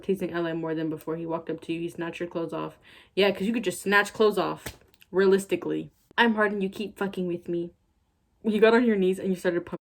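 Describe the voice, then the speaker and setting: Sarcastic woman reading fan fiction. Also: lowish voice. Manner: sarcastic, exasperated asides. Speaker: YouTuber.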